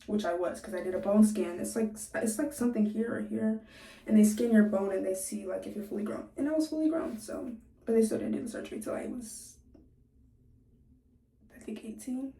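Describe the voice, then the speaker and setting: A little high and brisk, with a warm tone, this 19-year-old woman's voice is recorded from a distance in an echoey room. She's a vlogger telling her viewers a story in a chatty, laugh-filled way while nursing a jaw sore from recent surgery.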